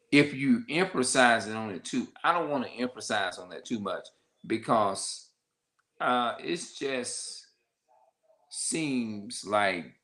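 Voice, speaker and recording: A man talking casually to camera, repeating himself and often checking that the listener follows. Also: low-quality recording. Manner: repetitive, conversational, often asks "you see what I'm saying"; acts out quoted voices with sharp jumps in pitch. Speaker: vlogger.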